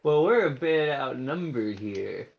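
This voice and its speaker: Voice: medium pitch, animated, slow, vocal fry. A player in a tabletop game making offhand, joking remarks. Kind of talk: casual chat. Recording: dull, lo-fi sound.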